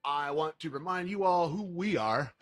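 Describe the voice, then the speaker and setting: A man hosting a livestream, talking in an earnest, impassioned way with many fillers and halting restarts. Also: fairly high pitch, animated, fairly bright tone, no room sound, clean studio sound. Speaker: livestream host. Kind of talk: emotional livestream talk.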